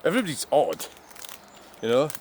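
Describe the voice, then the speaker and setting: A Scottish man around retiring age talks in a loose, musing ramble, drifting between thoughts with dry self-mockery. His voice sits at an ordinary middle pitch. He is outdoors in a quiet rural spot, with faint ambient noise behind him. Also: wildly swooping pitch, a little fast. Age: 60s. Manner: musing, meandering, wry self-mocking asides. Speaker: vlogger. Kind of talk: rambling, reflective monologue.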